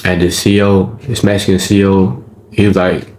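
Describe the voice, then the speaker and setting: A man's voice: low-pitched, flat delivery, normal speed, darkish tone, a little hiss or hum. A man, telling the story of his time in prison in casual, profane street slang and checking in with his listener as he goes. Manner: profane street slang, frequent "right?" and "you feel me?".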